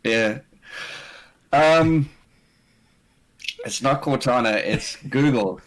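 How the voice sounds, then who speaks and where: A man's voice: fairly low pitch, normal speed, poor audio. A man with a South African accent, chatting as a guest and joking often. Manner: animated, self-deprecating, laughs often. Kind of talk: casual chat.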